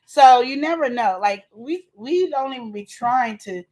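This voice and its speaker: A woman co-host chatting, animated and full of acted-out quotes and sound effects. Her voice sits a little higher than most women's. She keeps the talk casual and playful. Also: a little slow. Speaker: podcast co-host. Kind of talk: casual chat.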